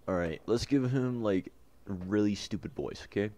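A man's voice: fairly low pitch, normal speed, few pauses, warm tone. Joking man playing a game. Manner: joking, self-mocking. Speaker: gamer. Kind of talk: game commentary.

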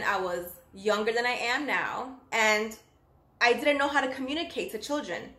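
A woman working as a nanny, telling her own story in a chatty, animated vlog style. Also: fairly high pitch. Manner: chatty and animated, acts out quotes. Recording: roomy echoey room.

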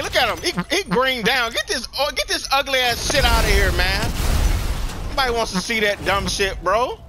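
A man's voice: extremely high pitch, lively intonation, moderate pace, noisy background. A young man giving live gameplay commentary, slangy and trash-talking other players. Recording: loud game sounds under the voice.

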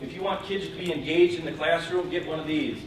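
An enthusiastic man rattles through a quick gadget demo. He is picked up from a distance in a very echoey museum room, with steady noise behind him. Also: fairly high pitch. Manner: enthusiastic, fast-talking. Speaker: presenter. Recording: echoey room from far off, noisy.

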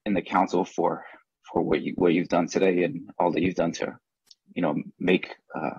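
A man, a grieving son, giving halting public thanks and repeating words as he goes. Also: low-pitched, level tone, a little mellow, breathy edge, no echo, dull audio. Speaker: grieving family member. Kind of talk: public remarks.

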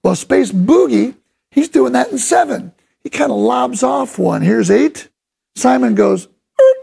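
A man giving a casual, enthusiastic drum lesson, rambling from one point to the next and sometimes voicing drum rhythms out loud. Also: extremely high pitch, lively intonation, unhurried, creaky, slightly rough. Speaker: drum instructor.

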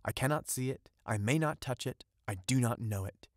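A man's voice: mid-range voice, normal speed, no echo, studio quality, voice pushed up, lightly acted. A man voicing an eager, naive young fisherman in an audiobook, raising his voice a little and talking earnestly. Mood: dismissive.

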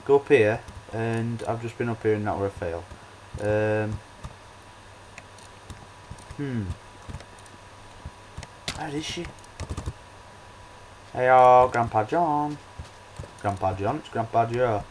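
A man's voice: fairly low pitch, slow, long pauses, a little mellow, a little hiss or hum, poor audio. Rambling man commentating a game. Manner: rambling, hesitant, many ums and restarts. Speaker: let's play host. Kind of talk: casual gameplay commentary.

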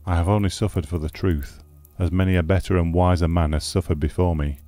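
Brief: man playing a low, dark-voiced embittered old scholar for an audiobook, declamatory. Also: steady tone, no echo, close to an everyday voice. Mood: calm. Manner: measured, declamatory. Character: bitter aging male scholar, eloquent recluse. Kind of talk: audiobook character reading.

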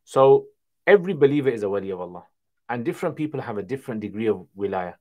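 A man hosting a casual livestream Q&A, reading viewer questions aloud and answering them in a relaxed conversational way. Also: medium pitch, fast talker, dull audio. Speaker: Islamic Q&A livestream host.

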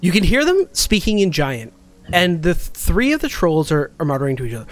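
Lively male game master narrating. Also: a little high, fairly quick. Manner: descriptive, with frequent restarts.

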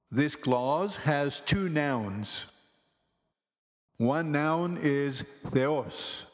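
A man teaching Greek grammar in slow, careful scripted narration, pronouncing each word deliberately. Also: medium pitch. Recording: long hall reverb with faint music.

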